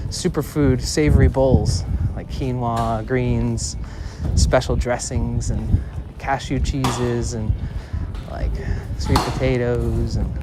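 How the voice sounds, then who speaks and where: A man streaming outdoors, casually telling a story in a loose, profane, animated way with acted-out quotes. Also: mid-range voice, slow pace. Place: outdoors in a city. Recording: outdoor street noise behind.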